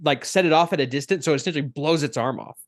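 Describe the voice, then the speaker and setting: A man's voice: fairly high pitch, racing. A man playing a tabletop role-playing game, describing his character's attack step by step. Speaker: player.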